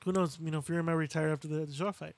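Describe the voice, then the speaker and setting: A man's voice: fairly high pitch, fairly even intonation, racing, creaky. A man co-hosting a boxing podcast, talking casually and animatedly, swearing freely and acting out what fighters say. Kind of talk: casual chat.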